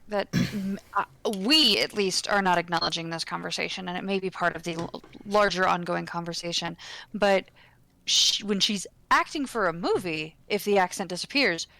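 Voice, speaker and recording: A woman co-hosting a podcast discussion, speaking in an articulate, measured, explanatory way. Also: mid-range voice, lively intonation, pushed and bright, poor audio.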